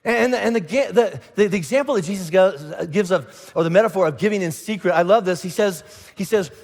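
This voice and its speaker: Middle-aged man, pastor, high voice, storytelling sermon in a reverberant auditorium. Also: brisk, creaky. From Indiana. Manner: animated storytelling with lots of restarts and acted asides. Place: large church auditorium. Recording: long hall reverb.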